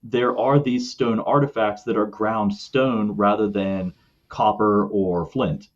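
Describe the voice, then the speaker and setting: A man's voice: fairly low pitch, fairly even intonation, slow, lo-fi sound. A man from West Virginia, a podcast guest, explaining things thoughtfully and at length. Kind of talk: casual conversation.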